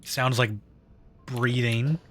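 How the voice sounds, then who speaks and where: A man's voice: mid-range voice, level tone, extremely slow, slight background noise. A man streaming live gameplay, chatting and laughing often, trailing off mid-sentence.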